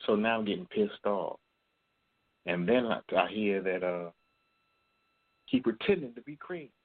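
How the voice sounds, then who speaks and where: A man's voice: on the low side, sing-song, a little slow, gravelly, long pauses. Blunt profane man on a phone line. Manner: blunt, profane storytelling, acts out quoted voices. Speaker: caller. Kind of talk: call-in confession.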